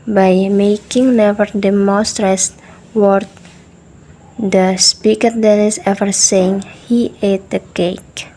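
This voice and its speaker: A woman with a warm, mellow voice explains sentence stress at a relaxed, slow pace. She addresses the listener directly, as if chatting through the lesson. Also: medium pitch, rough recording. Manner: conversational teaching tone with asides to the listener. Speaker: student presenter. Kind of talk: scripted pronunciation lesson.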